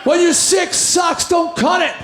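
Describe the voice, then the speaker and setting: A rock singer telling a rowdy shouted story to a live audience. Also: male voice, very high-pitched, fairly even intonation, a little slow, reverberant, soft background music, a faint crowd. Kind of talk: shouted stage monologue.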